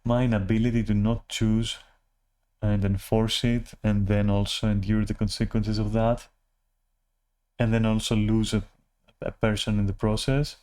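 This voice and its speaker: A man's voice: lowish voice, a little mellow. Rambling, swearing young man ranting. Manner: rambling, self-deprecating, swears freely; frequent restarts and filler words. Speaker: vlogger. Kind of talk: casual rant to camera.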